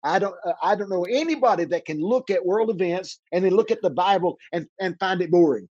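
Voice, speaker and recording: A man preaching on a talk show, fervent and fast, often repeating and stumbling over his words. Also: high-pitched, a little mellow, dry recording, dull audio. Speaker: guest preacher.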